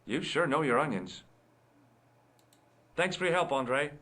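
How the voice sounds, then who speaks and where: A lively, wisecracking investigator. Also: male voice, fairly high pitch. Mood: curious. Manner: lively, quick and wry. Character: wisecracking male amateur investigator, curious. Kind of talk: video game voice acting.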